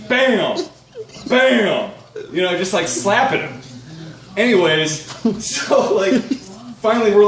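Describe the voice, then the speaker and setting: High-voiced young man telling a wild story. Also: fairly bright tone. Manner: profane, rambling, laughs through his story. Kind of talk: casual personal anecdote. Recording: echoey room, distant mic, faint noise.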